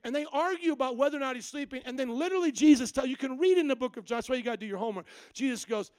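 A male pastor with a high voice preaches, animated and playful as he acts out lines with humor. The sound is dry and close. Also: fast, hardly any pauses, smooth, no echo. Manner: animated storytelling, acting out quoted lines with humor. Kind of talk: sermon. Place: church service.

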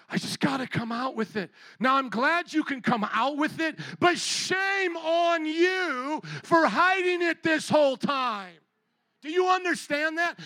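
A middle-aged man preaching with a high, bright voice that rises into shouts for emphasis. He mocks popular sayings. The sound is dry and close. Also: dry recording. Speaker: pastor. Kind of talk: sermon.

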